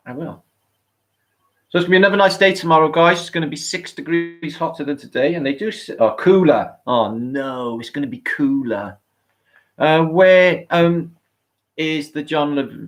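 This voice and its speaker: A middle-aged British man hosting a livestream, chatting casually, rambling and swearing as he reads out viewer comments. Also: lowish voice. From Britain. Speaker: livestream host.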